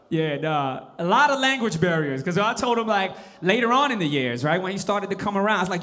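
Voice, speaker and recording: A man in his forties performing a stand-up comedy set, animated and switching into impressions. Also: sits high, a little fast, few pauses. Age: 40s.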